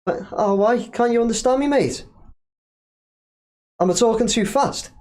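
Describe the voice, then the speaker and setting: A man's voice: very high-pitched, unhurried, darkish tone. A man hosting a casual live stream, chatting loosely, reading viewer comments aloud and laughing easily. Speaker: livestream host.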